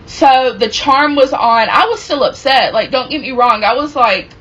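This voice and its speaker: A woman casually telling a personal story from her relationship, animated and acting out what people said. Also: sits high, moderate pace, breathy edge, lo-fi sound. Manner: animated, reenacts quoted dialogue.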